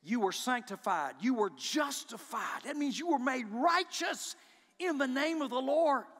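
Man, pastor, sermon, very high voice, shouting declarations, long hall reverb. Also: animated, unhurried. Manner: preaching with rising shouts and repeated declarations. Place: church sanctuary.

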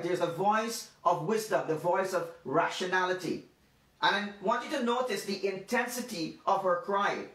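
Male pastor, high-pitched, emphatic repetitive delivery, off-mic in a roomy space. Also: a bit bright. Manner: emphatic, repetitive preaching with slow stressed phrases. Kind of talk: devotional sermon. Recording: roomy sound from a distant mic.

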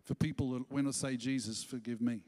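A man preaching a sermon as pastor, animated and acting out quoted voices as he speaks. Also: mid-range voice, fairly quick. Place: church auditorium. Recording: long church reverb.

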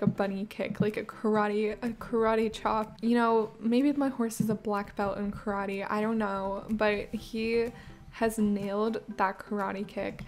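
A woman's voice: mid-range voice, a little mellow. A woman hosting a casual gameplay video, rambling cheerfully and amusing herself as she plays, into a desktop microphone. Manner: rambling, bubbly, self-amused. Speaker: gaming channel host. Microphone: desktop USB microphone.

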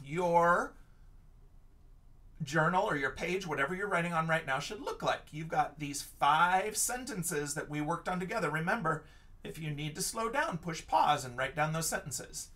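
A man teaching young children in a video lesson, speaking slowly and with a bright tone. His pitch swings a lot as he stretches out letters and praises his listeners, and he stays patient throughout. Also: lively intonation, far from the mic. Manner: patient, encouraging, sounds out words letter by letter.

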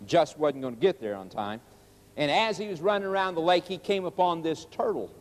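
Male preacher, high-pitched, emphatic and repetitive, in a long-reverb hall. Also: animated. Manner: emphatic and repetitive, stretching key words slowly. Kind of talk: sermon.

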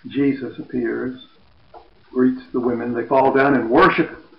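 A man retells a Bible story as a lesson, with a gravelly edge to his voice. He keeps a plain storytelling tone and drops softer for quoted lines. The sound is dull and lo-fi, with a roomy echo around him. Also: medium pitch, flat delivery, unhurried. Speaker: Bible teacher. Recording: echoey, dull lo-fi room.

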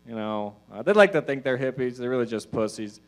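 A man doing a stand-up set in a comedy club, mumbling his asides and pushing his punchlines out loud. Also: mid-range voice, expressive, a little fast.

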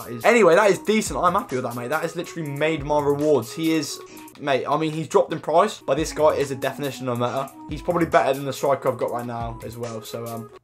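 A young man with an English accent chatting his way through a football game pack opening, rambling with lots of fillers. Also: medium pitch. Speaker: gaming YouTuber. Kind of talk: casual gaming commentary. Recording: music playing behind.

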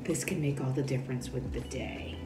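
A woman with a very deep voice talks fairly quickly in a chatty vlog, working through her thoughts out loud. At times she lowers to a whisper, and the echoey room she's in has music playing in the background.

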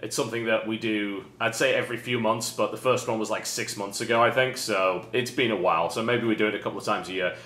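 A British man hosting a casual unboxing chat with dry, deadpan sarcastic humor. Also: fairly low pitch, quick pace, few pauses. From Britain. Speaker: host. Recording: roomy echo with faint noise.

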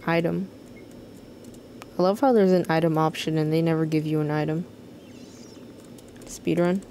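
A deep, mellow female voice with a steady tone and moderate pace carries this chatty game stream, and a little hiss or hum sits in the recording. The American streamer rambles, swears freely, and reads her chat aloud while answering it.

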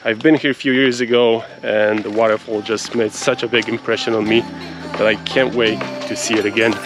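A man's voice: on the low side, little pitch movement, a little fast, music in the background, poor audio. Chatty upbeat man vlogging outdoors. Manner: chatty, upbeat, laughs often. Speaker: travel vlogger. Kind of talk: casual vlog narration. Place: outdoor jungle trail near a waterfall.

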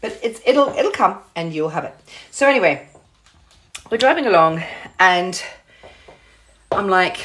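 Chatty woman with a low voice. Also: lively intonation, unhurried, long pauses, a bit bright. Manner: chatty, repeats words, describes things with gestures. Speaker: vlogger. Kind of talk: casual storytelling to camera.

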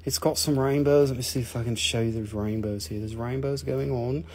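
A man with a mixed Australian and Northern English accent, hosting a casual live crystal sales stream, excitable and rambling, swearing freely. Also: medium pitch, moderate pace, hardly any pauses, a little hiss or hum.

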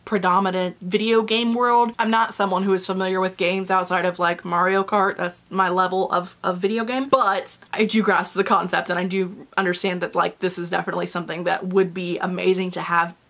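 A woman's voice: lowish voice, little pitch movement, brisk, few pauses, a bit bright. A young woman chatting candidly in a book review vlog, casual and openly emotional, with the odd swear word.

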